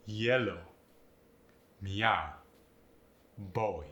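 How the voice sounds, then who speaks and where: A man putting on a West African accent, speaking example sentences slowly and deliberately and stressing every syllable. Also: fairly low pitch, pushed and bright, echoey room, exaggerated voice. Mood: demonstrating.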